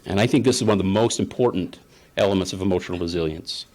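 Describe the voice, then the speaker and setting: A man's voice: sits low, fast, darkish tone. A man, a therapist, giving a conference presentation in a conversational storytelling way and often checking in with the audience. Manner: storytelling, acts out parent and child voices; conversational, asks the audience "right?".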